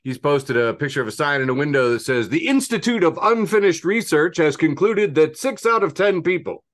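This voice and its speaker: A man's voice: a little high, animated, brisk. A man co-hosting a podcast in casual comedic chat, upbeat and laughing at his own bits. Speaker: podcast co-host.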